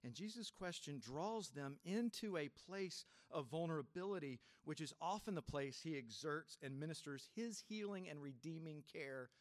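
Male pastor, slightly high voice, dry close sound; reflective sermon delivery, gentle laughs, swings between firm and hushed. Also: lively intonation, no room sound. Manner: reflective, unhurried, with soft laughs and sudden shifts from loud to quiet.

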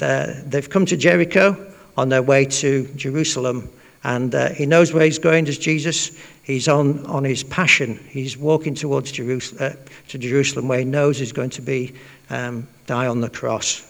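A man's voice: mid-range voice, vocal fry, a bit bright. A man giving an informal sermon in a church, chatty and full of fillers, repeating his points for emphasis. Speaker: preacher. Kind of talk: informal sermon with a Bible reading. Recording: long reverb in a church.

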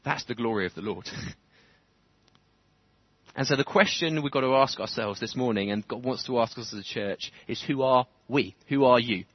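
A man preaching a sermon in church, animated, chuckling often and building to fervent emphasis. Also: medium pitch, moderate pace, husky, dry recording. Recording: dull lo-fi church recording.

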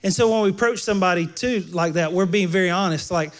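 Male pastor, fairly high voice, relaxed conversational sermon with jokes to the crowd. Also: fast, hardly any pauses.

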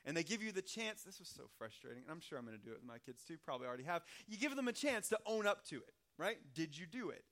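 Male pastor, fairly high voice; preaches like he is chatting, humorous and anecdotal. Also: big pitch swings, quick pace, hardly any pauses, fairly bright tone. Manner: conversational, humorous storytelling. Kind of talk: sermon.

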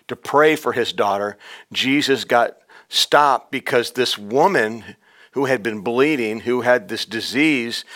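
A man preaching a sermon on a podcast, swinging between loud urgent exhortation and hushed, intimate storytelling. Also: mid-range voice. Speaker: pastor. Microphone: podcast microphone.

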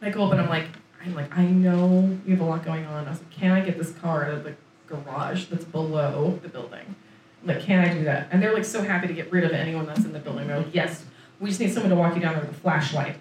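A woman's voice: low voice, fairly even intonation, fast, darkish tone. A woman from Florida tells a story in casual chat, laughing often and acting out her own lines. She sits a little back from the mic. The room sounds echoey, with a faint hiss underneath. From Florida, USA. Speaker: author on book tour, guest. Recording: roomy echo, distant mic, faint noise.

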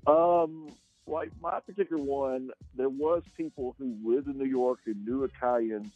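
A man's voice: medium pitch, steady tone, moderate pace, a little mellow, no room sound, faint music behind. A male actor being interviewed, speaking casually and hesitantly, with many ums and restarts. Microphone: radio show microphone. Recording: dull, lo-fi sound.

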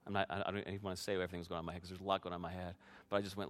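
Male pastor, lowish voice, earnest sermon testimony, talks right to the congregation. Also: little pitch movement, rapid-fire, a bit bright. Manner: earnest, addresses the congregation directly.

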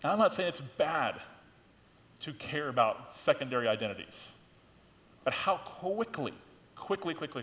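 Male pastor, middle-aged, conversational sermon, animated emphasis, mid-pitched voice, long church reverb. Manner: conversational, animated preaching with frequent "like" and rising emphasis. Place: church sanctuary.

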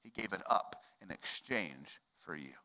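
A man preaching a sermon as pastor, swinging between loud, emphatic stretches and hushed, quiet ones. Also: low-pitched, lively intonation, unhurried. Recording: long hall reverb.

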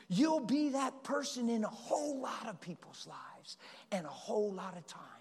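A man's voice: sits high, slightly rough. A middle-aged man preaching a sermon to a congregation, telling stories and pleading with the listeners. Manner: storytelling, pleading and animated. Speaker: pastor. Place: church hall with a congregation. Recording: long hall reverb.

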